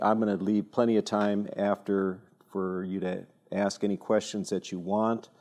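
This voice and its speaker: A man giving an informal talk at a church evening, telling stories with self-deprecating humor and frequent halting restarts. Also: lowish voice, darkish tone. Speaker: speaker at a church teaching evening.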